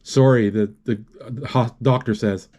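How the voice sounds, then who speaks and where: A man with a slightly higher voice, narrating a film off the cuff. He talks haltingly, restarting phrases, saying "he's like" and adding spoken sound effects as he goes. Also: darkish tone. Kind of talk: unscripted play-by-play retelling.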